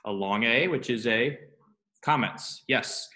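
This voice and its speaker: Man, teacher, explanatory, quizzes students, mid pitch, echoey classroom. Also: slow pace, pushed and bright. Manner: explanatory, asks students questions. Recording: roomy classroom echo.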